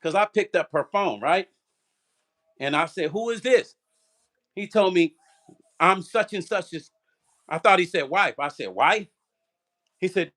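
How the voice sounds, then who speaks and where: An older man hosting a vlog, telling a story straight to his viewers in an animated, profane way. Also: high voice, measured pace, pauses often. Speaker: vlog host. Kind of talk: casual livestream storytelling.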